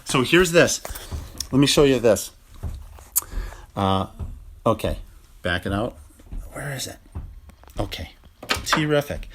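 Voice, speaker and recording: A chiropractor talking casually to viewers in a phone livestream, emphatic and full of rhetorical questions. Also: male voice, medium pitch, pushed and bright.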